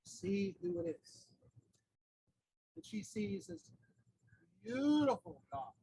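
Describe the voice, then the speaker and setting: A man's voice: high-pitched, lively intonation, slow, dark tone, slightly rough, low-quality recording. A man giving an outdoor lecture, retelling a myth in a chatty way with humorous asides. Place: outdoors near a busy street corner. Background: faint traffic noise.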